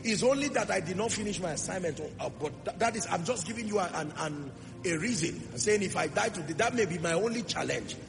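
A man with a high, creaky voice preaches emphatically to a church congregation, posing rhetorical questions and swinging between loud declarations and soft asides. Music plays under a long hall reverb.

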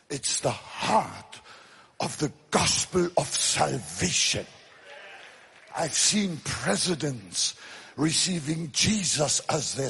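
A man preaching an evangelistic sermon, shouting at the high points and dropping low to tell stories. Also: creaky, slightly rough. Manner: impassioned, shouting at climaxes, then dropping to quiet storytelling.

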